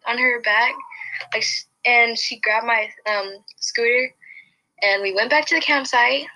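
A young woman chats through a long personal story on a casual podcast. She rambles, restarts sentences and leans on fillers. Her voice is bright and sits a little high. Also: fairly even intonation, normal speed, rough recording. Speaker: podcast host.

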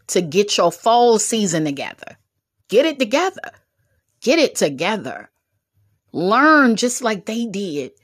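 A woman hosting her own podcast, exhorting listeners in a bubbly, humorous, preachy way with sudden jumps in pitch. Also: husky. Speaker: podcast host. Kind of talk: preachy motivational podcast talk.

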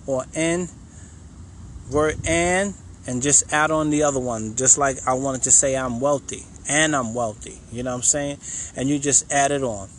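A man's voice: fairly high pitch, slight background noise, poor audio. A man coaching faith and fitness, leading guided affirmations in a casual, encouraging way with lots of repetition. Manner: encouraging, repetitive, says "you know what I'm saying" a lot; casual, conversational.

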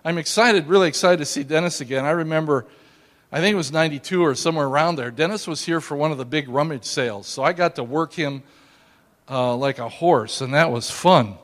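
A male pastor preaching a sermon, emphatic and conversational, calling out to his congregation and swinging from hushed asides to loud exclamations. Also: on the high side, brisk, in a large hall. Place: church sanctuary.

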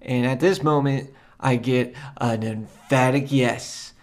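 A man's voice: medium pitch, steady tone, slow, hardly any pauses. Rambling man musing on a podcast. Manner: rambling and meandering, repeats himself; loose and conversational, with frequent ums and asides. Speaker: podcast host. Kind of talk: solo spiritual podcast monologue.

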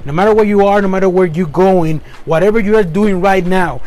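Earnest Spanish-accented man, high voice. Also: brisk, darkish tone. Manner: earnest, rephrases himself often, ends points with "okay?". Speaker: podcast host. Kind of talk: motivational monologue.

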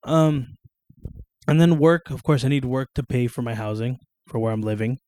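Recorded at home on camera with no echo, a young solo podcast host talks at a normal speed in a medium-pitched, darkish voice. He rambles casually through his monologue, full of fillers, restarts and casual cursing.

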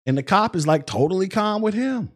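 A man's voice: high-pitched, lively intonation, a little fast. A man hosting a podcast, recounting events in casual commentary with lots of fillers. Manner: conversational, recounts events with many fillers and acted-out quotes. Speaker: podcast host.

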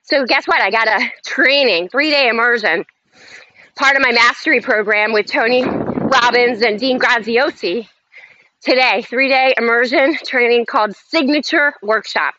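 High, bright, slow motivational woman host. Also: dry recording. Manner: emphatic, chant-like affirmations, slow and drawn out. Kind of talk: motivational self-help talk. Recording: slightly dull lo-fi audio, faint noise.

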